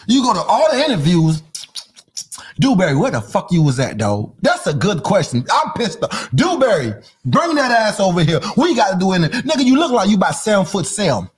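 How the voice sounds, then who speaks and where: A man hosting a podcast, ranting in comic commentary with a voice that swings wildly up and down. His tone is husky and a little breathy. He talks in a loud, profane rush and keeps dropping into mock voices and sing-song chants. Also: high-pitched. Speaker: podcast host. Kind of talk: comedic commentary rant.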